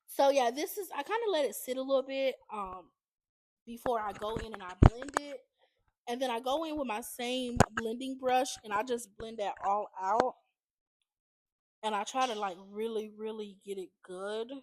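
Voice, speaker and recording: A woman's voice: a little high, normal speed, noisy background. A woman beauty vlogger talking casually through a makeup tutorial, chatty and constantly addressing her viewers as y'all.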